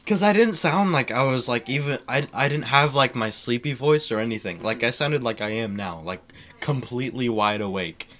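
A man's voice: medium pitch, moderate pace. A young man in casual chat, telling a funny story with frequent laughs. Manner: laughs often, animated storytelling.

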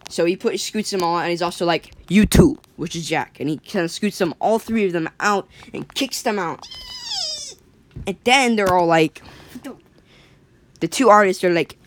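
An animated storyteller talks through a cartoon plot in a loose, rambling way. Sentences tumble along with constant fillers and restarts, and the quoted lines jump up in pitch and loudness. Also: normal speed. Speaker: storyteller retelling a cartoon episode. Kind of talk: casual excited retelling.

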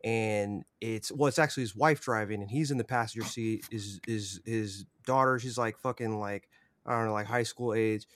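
A man's voice: lowish voice, normal speed, fairly bright tone, dry recording. Rambling young man telling a story. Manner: rambling, heavy swearing and fillers. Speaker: podcast guest. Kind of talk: casual storytelling.

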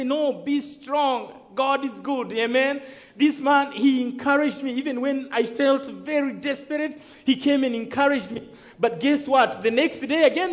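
A man from Rwanda, telling his testimony as a sermon, storytelling dramatically and calling out to the congregation for amens. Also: extremely high pitch. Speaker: preacher giving testimony.

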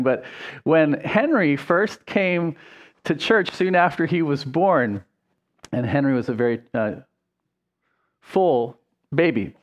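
Give me a middle-aged man preaching a relaxed, conversational sermon, slightly high-pitched, stopping often to say um. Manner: casual and chatty, with frequent ums and self-corrections. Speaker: pastor.

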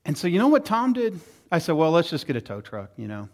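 A middle-aged male pastor with a voice on the high side speaks fast as he preaches an animated, story-driven sermon, acting out the voices of the people he quotes.

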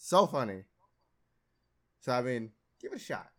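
A man's voice: mid-range voice, big pitch swings, moderate pace, fairly bright tone. A young man hosting a casual podcast, rambling in a laid-back way and laughing often. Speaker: podcast host.

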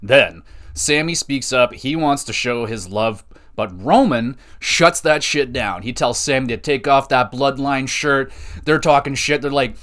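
A man hosting a podcast, recapping a wrestling show in a casual, sarcastic way, swearing often and getting excitable. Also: mid-range voice, unhurried. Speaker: podcast host.

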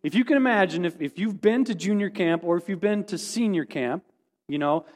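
A man's voice: high voice, fairly quick, a little mellow. A man as pastor, giving a casual, rambling, self-deprecating sermon report. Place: church sanctuary. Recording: long hall reverb.

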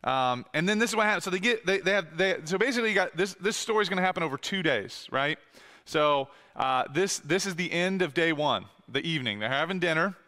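A man delivers a sermon in a lively, conversational way, breaking into quick asides and acted-out voices. His voice is bright and forceful and sits a little high. It rings out with the long reverb of a large hall. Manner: animated, conversational preaching with many asides and quoted voices. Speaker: pastor. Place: church hall.

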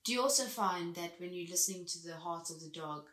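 A woman from South Africa, a vet and podcast co-host, chatting casually and laughing often. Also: a little fast. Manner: giggly, animated, slips into high exaggerated voices when quoting herself. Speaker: podcast co-host, veterinary surgeon. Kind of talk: casual chat. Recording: roomy echo.

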